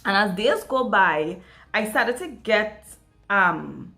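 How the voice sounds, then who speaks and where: A woman's voice: mid-range voice, expressive, slow, gravelly, sharp tone, faint music behind. Emphatic woman vlogger. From Trinidad. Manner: emphatic storytelling with many repeats and "like" fillers. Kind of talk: get-ready-with-me chat vlog.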